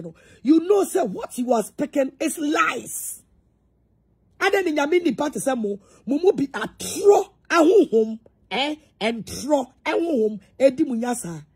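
A woman's voice: high voice, a little mellow. A woman preacher with a Ghanaian accent gives a heated, confrontational address. She talks emphatically and repeats her points.

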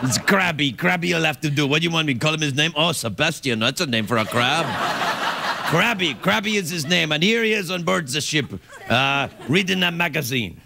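A man's voice: fairly high pitch, animated, brisk, vocal fry, a crowd in the background. A man imitating a doting old sea explorer. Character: whimsical older male ocean explorer. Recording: loud background noise.

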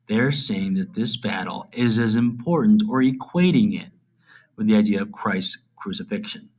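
A man with a lowish voice delivers an informal recorded lesson. He checks in constantly with a quick "okay?" and slips into quiet, whispery asides while explaining. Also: poor audio. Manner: trails off into low, whispery asides. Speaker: teacher. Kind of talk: recorded classroom lecture.

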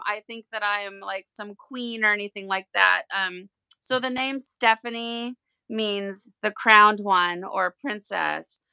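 Gushing woman with a gravelly voice. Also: a little high, dry recording. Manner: gushing and excitable. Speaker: tie-dye livestream host. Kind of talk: casual livestream chat while unboxing.

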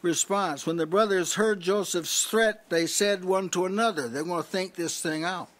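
A man delivers a sermon in a conversational teaching tone, pausing to restart his thoughts and asking his listeners to see his point. His voice sits a little high for a man. He talks to a small gathering in a house church. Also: a bit bright. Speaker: preacher.

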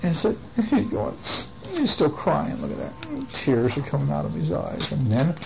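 A man's voice: a little high, animated, brisk, vocal fry, background noise. An older man at home reading a picture book aloud to children, with playful questions to the kids. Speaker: storyteller.

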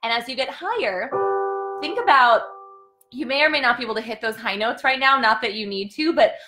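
A woman's voice: on the high side, a little fast, faint music behind. A young woman teaching a live singing lesson, explaining and demonstrating vocal exercises with a tired voice. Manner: demonstrative, sings and yells sample notes between explanations.

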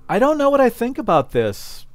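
Lively, playful man commenting on gameplay. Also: very high voice, fairly quick, no echo, soft background music. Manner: playful, chatty, talks to in-game objects. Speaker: let's play host. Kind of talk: casual game commentary.

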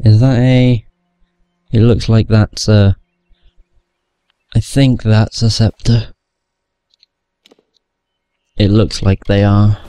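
A man's voice: lowish voice, little pitch movement, slow, long pauses, warm tone, clear, resonant tone, no echo. A man casually commentating his gameplay, rambling and swearing, stumbling over words, with hiccups. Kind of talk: casual let's play commentary.

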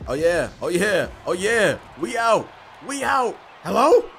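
High-voiced, gravelly man hyping gameplay. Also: animated, measured pace, over music. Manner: hypes plays with frequent shouting. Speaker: gaming video creator. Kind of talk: excited gameplay commentary.

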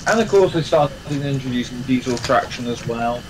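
A man's voice: mid-range voice, animated, normal speed, noisy background. A man hosting a live game stream, chatting casually and rambling with lots of fillers and restarts. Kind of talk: casual chat while playing a train game.

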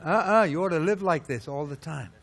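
High-pitched male preacher, emphatic sermon delivery, rhetorical questions, sharp swings in volume. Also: brisk, creaky. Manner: swings between loud peaks and low hushed lines.

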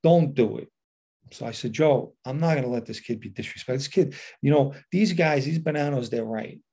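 Animated New man telling a story. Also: mid-range voice, a little fast, breathy edge. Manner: animated retelling with quoted dialogue. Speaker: podcast host telling a personal story. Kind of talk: casual storytelling monologue.

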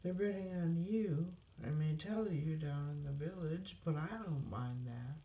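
A woman's voice: sits low, measured pace, mellow, pitched above the performer's own voice. A woman reading as a frank, pleasant knight. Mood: reasonable. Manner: frank, easy-going. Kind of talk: storybook read-aloud. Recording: roomy echo.

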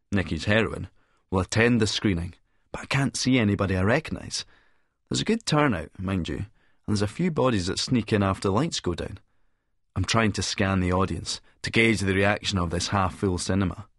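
A man's voice: deep voice, a bit bright, no room sound, studio quality. A man narrating a first-person audiobook in a sardonic, crude, cocky manner.

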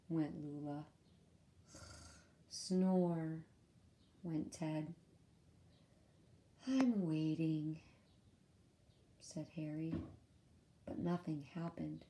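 Woman reading a kids' bedtime story, gentle teacher manner, unhurried, warm dark tone. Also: deep voice, slight background noise. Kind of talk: children's read-aloud.

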